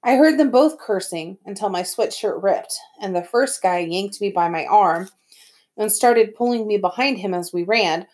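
A woman reading a first-person story aloud as an audiobook narrator, with lively storytelling. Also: mid-range voice.

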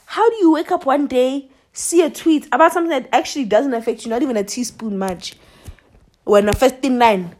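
This young woman's voice sits a little on the high side, and she talks in a lively, sassy style. She is hosting a casual solo podcast, laughing as she goes and mocking people with impressions. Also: fairly quick. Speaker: podcast host. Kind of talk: casual monologue.

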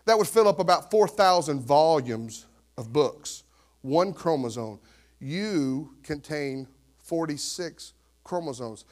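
A man in his fifties preaching a sermon as pastor, animated and conversational, full of rhetorical questions. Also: a little high, slow.

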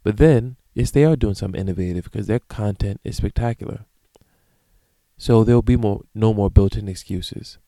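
A man in his thirties hosting a solo podcast, ranting in a profane, animated, comedic way. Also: lowish voice, moderate pace, dry recording. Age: 30s. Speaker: podcast host. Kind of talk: casual solo podcast monologue.

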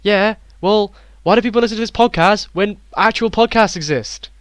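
A young British man co-hosting a comedy podcast, trolling with crude deadpan jokes. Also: high voice, normal speed, clear, resonant tone, dry recording. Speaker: podcast co-host. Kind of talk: casual comedic podcast banter.

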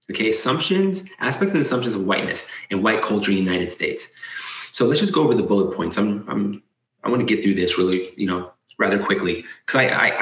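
Guy reading a list and snarking on it, kinda low voice, roomy echo. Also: fairly bright tone. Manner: sarcastic, incredulous asides. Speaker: commentator. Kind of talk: casual commentary reading a list aloud. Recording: echoey room.

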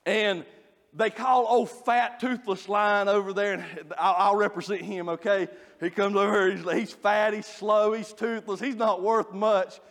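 A man preaching a sermon, folksy and joking as he tells animated stories. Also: sits high, a little slow. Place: church. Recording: long reverb of a church hall.

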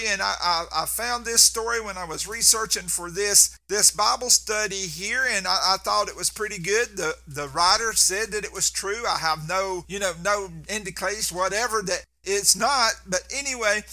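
A man's voice: high-pitched, bright, forceful tone. A man preaching a sermon, telling folksy stories and often stumbling and restarting his words. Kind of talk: sermon with storytelling.

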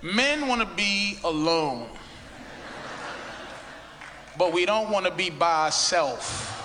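A man doing a stand-up comedy routine, rambling and mocking in an animated way. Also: sits high, unhurried. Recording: stand-up clip with loud audience and noise.

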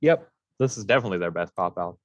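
A man co-hosting a casual music review podcast, blunt and quick to laugh, swearing casually. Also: low-pitched, lively intonation, dry recording, lo-fi sound. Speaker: podcast co-host.

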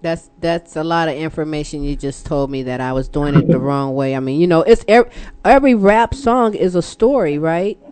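A woman's voice: low-pitched, expressive, normal speed, few pauses, darkish tone, clean tone. Playful woman radio host. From Texas. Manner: playful, teasing, laughs often. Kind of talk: casual radio talk show chat.

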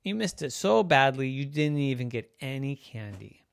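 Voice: mid-range voice, moderate pace, creaky. A storyteller playing a patient, explaining mom. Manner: calm, instructive.

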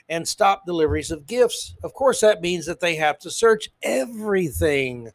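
A man's voice: fairly high pitch, expressive, measured pace, dry recording. A man hosting a podcast in a sarcastic, emphatic rant that sometimes stumbles over its words. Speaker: podcast host. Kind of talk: ranting political commentary.

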